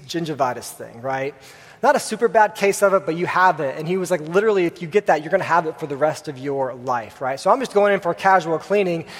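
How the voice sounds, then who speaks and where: High-voiced young pastor, husky, casual. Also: male voice. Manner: casual storytelling with lots of fillers. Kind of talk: sermon. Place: church hall with congregation. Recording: long hall reverb.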